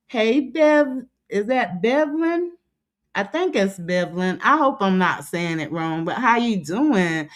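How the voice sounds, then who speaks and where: Chatty woman greeting her livestream viewers. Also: lively intonation. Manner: chatty, drawn-out greetings, drops low when reading comments aloud. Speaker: livestream host.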